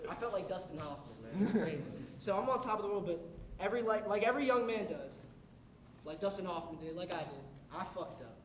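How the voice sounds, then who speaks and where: A young male stand-up comedian on a comedy club stage tells a story, animatedly acting out what other people said. His voice sits high and he talks fairly quickly. The roomy, distant club recording has slight background noise and audience laughter.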